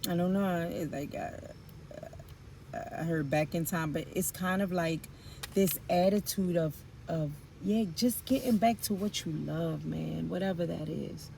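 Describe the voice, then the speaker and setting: A woman's voice: on the low side, unhurried, creaky, darkish tone, a little hiss or hum. A woman giving an intuitive tarot reading, musing aloud in informal slang with rambling asides and fillers. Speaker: tarot reader.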